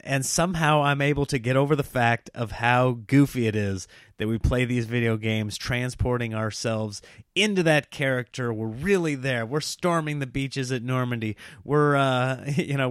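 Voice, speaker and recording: Laughing at his own expense, a thirty-something comic delivers a relaxed monologue of lively, self-deprecating stories. The clean studio sound is dry, and his pitch is medium.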